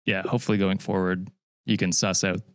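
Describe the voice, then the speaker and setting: Man, low voice, slow easygoing podcast chat, sweary, dry close sound. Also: little pitch movement, dry recording. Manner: easygoing, sweary, laughs often. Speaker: podcast co-host.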